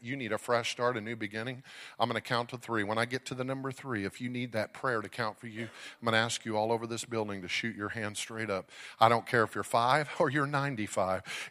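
A middle-aged man preaching a sermon as a traveling evangelist, telling a story with big swings from shouting to hushed tones. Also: mid-range voice.

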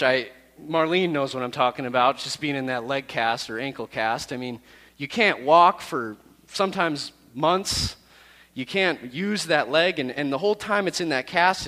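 A man who is a youth pastor, telling a personal story to his youth group in a lively, self-deprecating way. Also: mid-range voice, in a large hall.

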